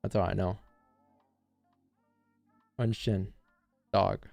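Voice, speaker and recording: A man's voice: on the low side, little pitch movement, extremely slow, gravelly, a little mellow, no room sound, soft background music. A man hosting a live trading stream, chatting casually with viewers and answering chat in loose, slangy talk. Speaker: forex day-trading streamer.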